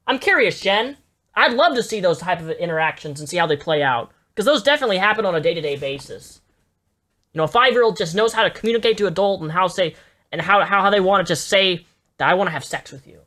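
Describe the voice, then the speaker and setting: A woman's voice: on the low side, expressive, quick pace, fairly bright tone. Woman, live reaction commentator; blunt, profane, stammery when heated.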